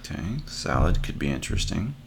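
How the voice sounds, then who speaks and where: Very deep gravelly man. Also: very animated, fairly quick, noisy background. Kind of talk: casual chat.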